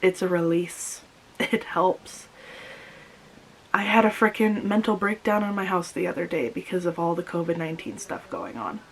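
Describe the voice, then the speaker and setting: A young woman talks straight to her camera while crying, her voice low and unsteady. She halts, restarts and repeats herself as she works through her grief. A faint hiss sits under the recording. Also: low-quality recording. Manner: emotional, halting, repeats herself. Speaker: vlogger. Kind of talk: personal confessional vlog.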